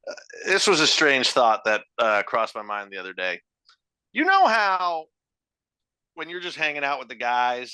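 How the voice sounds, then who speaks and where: A man's voice: medium pitch, bright, forceful tone, no room sound. A man in his thirties co-hosting a podcast in casual chat, joking and laughing often at his own puns. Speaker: podcast co-host.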